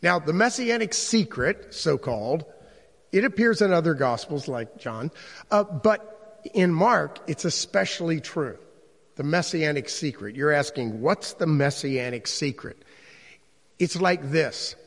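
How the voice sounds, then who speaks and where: A man's voice: on the high side, lively intonation, unhurried, creaky. A man teaching a Bible class in a conversational way, posing rhetorical questions to his listeners. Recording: long reverb in a large room.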